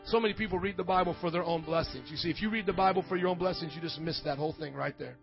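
A high-voiced man preaching with fervent energy, his lines swelling into shouts before dropping to quiet, earnest teaching. The recording is dull and lo-fi, made in a church with faint music underneath. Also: racing, gravelly. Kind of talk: sermon.

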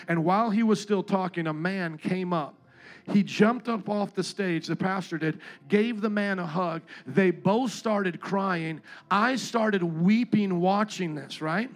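High-voiced impassioned male preacher. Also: unhurried. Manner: impassioned, swings from quiet storytelling to loud exhortation. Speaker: pastor. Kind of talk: sermon.

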